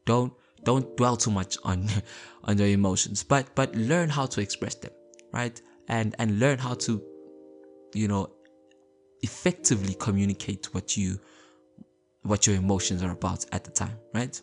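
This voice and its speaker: A man's voice: lowish voice, moderate pace, soft background music. A man hosting a podcast in a casual motivational talk, conversational, repeating words and often checking in with listeners. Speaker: podcast host.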